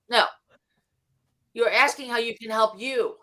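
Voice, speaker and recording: A woman, a founder and CEO, giving business advice in a casual panel chat, with an animated, comic delivery full of acted-out quotes. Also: fairly high pitch, normal speed, pauses often.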